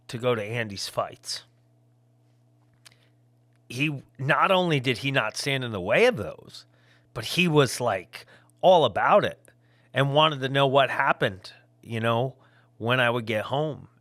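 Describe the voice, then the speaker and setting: A middle-aged man, a former pro wrestler, talking casually to his viewers in a loose, rambling, jokey way that swings into loud yelling. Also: medium pitch, no room sound. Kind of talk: casual vlog talk to viewers.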